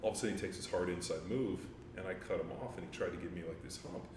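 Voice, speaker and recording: A man with a very low, deep voice talks in a loose, rambling way, full of fillers and casual swearing. He sounds a little distant from the microphone, in a roomy space with faint ambient noise behind him. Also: very fast. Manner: laid-back, rambling, with many fillers and profanity. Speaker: guest, former NFL offensive lineman. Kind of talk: casual interview chat.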